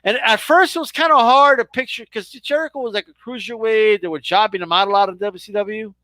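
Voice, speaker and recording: A male co-host with a high-pitched, pushed, bright voice talks briskly in a casual wrestling chat. He's laid-back and keeps tossing in "bro" and "you know what I mean," and the sound has no echo.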